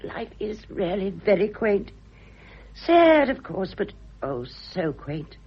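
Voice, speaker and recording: An actress playing a whimsical, airy older society lady with a husky voice, in a vintage radio drama. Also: mid-range voice, sing-song, slow pace, exaggerated voice. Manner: gushing, airy. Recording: dull lo-fi old radio recording.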